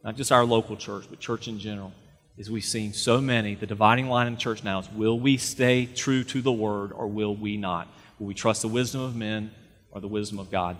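A man's voice: lowish voice, fairly bright tone. Conversational male pastor in a reverberant hall. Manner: conversational, repeats words, rises to emphatic peaks. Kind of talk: sermon.

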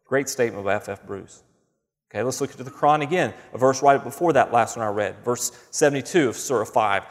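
Male pastor, mid-pitched voice, conversational and emphatic sermon, long hall reverb. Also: fast. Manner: conversational, emphatic, reads scripture aloud. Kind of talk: sermon teaching.

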